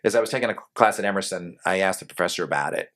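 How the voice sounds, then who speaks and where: A middle-aged man from New England, a longtime TV news anchor, telling his career stories in a relaxed, rambling way with lots of fillers. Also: sits low, rapid-fire. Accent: faint New England. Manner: rambling, many fillers and restarts. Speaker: guest, television news anchor. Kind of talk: relaxed storytelling in a podcast interview.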